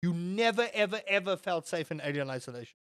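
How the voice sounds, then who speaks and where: Young male streamer with a fairly high voice, rambling and swearing while he chats over gameplay. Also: animated, quick pace, a bit bright, clean tone, no room sound, studio quality. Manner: rambling, swears, answers chat and reacts to the game. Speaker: livestreamer. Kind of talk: casual gaming stream chat.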